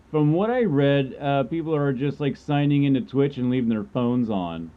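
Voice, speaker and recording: A man's voice: mid-range voice, animated, normal speed, hardly any pauses, highs cut off. A man giving casual, joking commentary while streaming a game, chatty and rambling as he plays.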